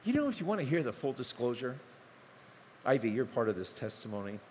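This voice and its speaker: An older man preaching a sermon, telling stories in a lively, conversational way, acting out dialogue with humor. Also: mid-range voice, brisk, a little hiss or hum. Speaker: pastor. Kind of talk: sermon storytelling. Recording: long hall reverb, faint ambience.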